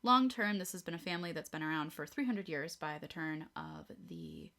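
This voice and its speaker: A woman from the American Midwest co-hosting a podcast, talking in a rambling way with many pauses and ums. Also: sits low, wildly swooping pitch, fairly bright tone. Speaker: podcast co-host. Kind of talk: casual chat.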